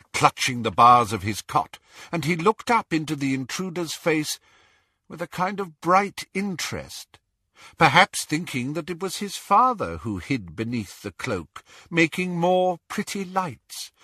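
A man narrating an audiobook with slow, dramatic delivery. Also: a little high, sharp tone, slightly rough, no room sound, clean studio sound.

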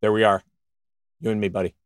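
A man co-hosting a show, chatting in a rambling, jokey and excitable way, cracking himself up as he goes. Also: fairly low pitch, quick pace, dry recording, clean studio sound. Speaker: co-host of a podcast show. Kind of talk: casual banter.

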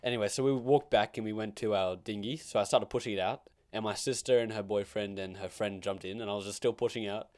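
A man's voice: on the low side, fairly even intonation, fast, few pauses, dry recording, clean studio sound. A man co-hosting a casual podcast chat, rambling and giggly, with many fillers as he tells stories.

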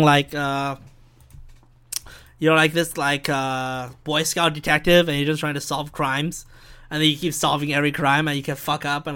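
High, bright-voiced rambling young man. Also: clear, resonant tone. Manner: rambling, profane, self-interrupting. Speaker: podcast host. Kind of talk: rambling solo podcast monologue.

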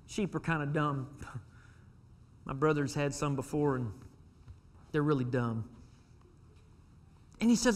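A man preaching a sermon as pastor of his church, moving from quiet asides to shouted pleas. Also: on the high side, slow pace, long pauses. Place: church sanctuary.

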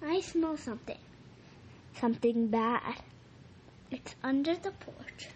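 A woman reading a children's storybook aloud, halting now and then with slips and rereads. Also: high voice, slight background noise. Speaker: reader.

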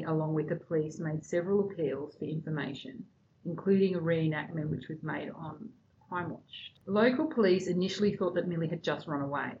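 A woman with a fairly low voice walks her friends through a true-crime case in a subdued, chatty way. Her voice comes through a dull, lo-fi recording. A faint hiss sits underneath. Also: darkish tone. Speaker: podcast host telling the case. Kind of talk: casual true-crime podcast chat. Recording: dull lo-fi sound with faint noise.

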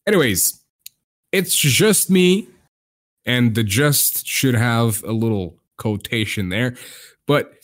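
A man's voice: medium pitch, expressive, slow pace, fairly bright tone. A young man hosting a casual podcast, rambling and hesitant with plenty of fillers. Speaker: podcast host.

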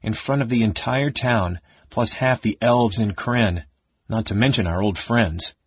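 A man voicing a fiery, sharp-tongued young woman in a raised, clipped voice. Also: lowish voice, a little slow, slightly rough, no echo. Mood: bitter. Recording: dull lo-fi audiobook recording.

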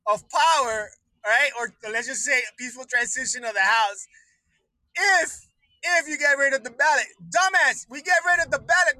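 A man's voice: very high-pitched, no echo, low-quality recording. A man hosting his own livestream, ranting with heavy swearing and frequent laughter. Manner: swearing, laughing between lines, excitable. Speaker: livestream host. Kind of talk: profane political rant.

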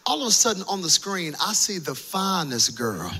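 A man preaching to a live congregation, spinning a personal story with lively comic timing. His voice is bright and a bit husky, set slightly high for a man. He slips into playful impressions of himself as the tale unfolds. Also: normal speed, hardly any pauses. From United States. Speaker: pastor. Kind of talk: sermon storytelling. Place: church service before a live congregation.

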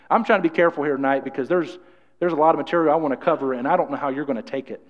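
A pastor, preaching a sermon in a rambling way with many restarts and repeated words. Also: male voice, a little high, racing. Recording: reverberant church hall, dull lo-fi sound.

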